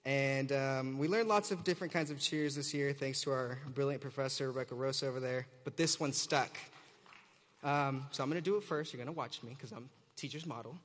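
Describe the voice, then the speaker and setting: A young man addresses a graduation ceremony from a podium, mixing teasing jokes with earnest thanks. His voice sits at an ordinary middle pitch. The sound carries the long reverb of a large hall. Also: fairly quick. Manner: joking, warm and earnest, leads audience cheer. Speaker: graduating student teacher giving commencement speech. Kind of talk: commencement speech. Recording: reverberant auditorium.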